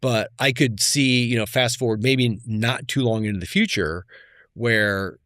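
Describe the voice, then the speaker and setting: A man in his fifties, a podcast guest, telling stories in a reflective, conversational way that often trails off softly. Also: medium pitch, measured pace, no room sound, clean studio sound. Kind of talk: casual conversation.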